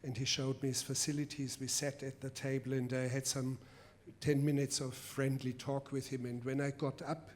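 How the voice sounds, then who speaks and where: A man with a German accent, a film director at a public masterclass, answering a question with a deliberate, emphatic anecdote. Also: mid-range voice, little pitch movement, slight background noise. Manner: deliberate, emphatic storytelling with restarts. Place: festival event before a live audience.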